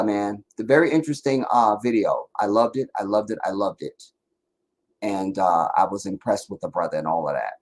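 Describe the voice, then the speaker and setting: A man hosting a live stream, talking bluntly and profanely in a casual monologue, dropping to a low mutter and rising to loud mockery. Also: rough recording. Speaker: livestream host.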